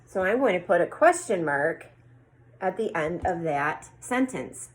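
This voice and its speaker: A woman teaching a first grade class, reading example sentences slowly and clearly. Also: lowish voice, animated, rough recording. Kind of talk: teaching a lesson to young children.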